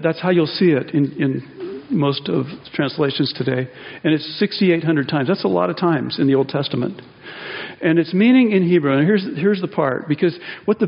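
A pastor's sermon echoes with long reverb through a church sanctuary, the audio a bit dull. Talking casually, with a voice slightly high for a man, he breaks into his own phrases and loops back, then rises in pitch and volume to drive key points home.

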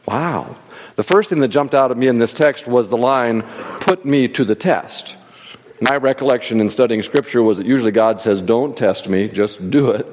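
Speaking at a moderate pace in a mid-range voice, a man preaches as a guest in church. He shares personal anecdotes, cracks jokes and reads passages of scripture. Audio is dull and carries a long hall reverb.

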